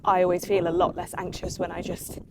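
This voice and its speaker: A woman's voice: fairly low pitch, flat delivery, fairly quick, noisy background. A young woman chatting casually to her phone camera while out on a run and a walk, upbeat and full of fillers. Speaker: vlogger. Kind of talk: casual vlog chat.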